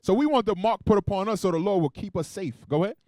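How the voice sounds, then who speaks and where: A man preaching to his congregation at a rapid clip, his pitch leaping all over as he jokes and then drives his point home. He calls out verses for someone else to read, swinging between loud emphasis and quiet, muttered asides. The sound is close and dry. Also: expressive, dry recording. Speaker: preacher teaching a Bible class. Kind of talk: sermon with call-and-response scripture reading.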